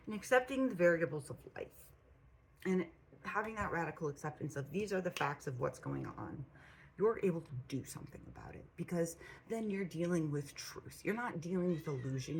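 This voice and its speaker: A woman with a low, gravelly voice talks through spiritual advice in a loose, unscripted way. She is blunt and swears freely, hammering her points home with repeated phrases. A faint hum of room noise sits under her voice at home. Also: darkish tone, rough recording. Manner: blunt and profane, repetitive emphatic phrasing. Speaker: spiritual channel host. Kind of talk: casual spiritual advice monologue.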